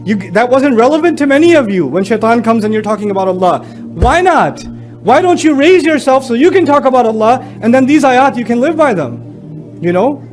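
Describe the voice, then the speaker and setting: A man with a very high-pitched voice delivers a lively sermon to young people, acting out family quotes in an even higher voice. Music plays clearly beneath his talk. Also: a little fast. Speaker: Islamic speaker. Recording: lecture with music underneath.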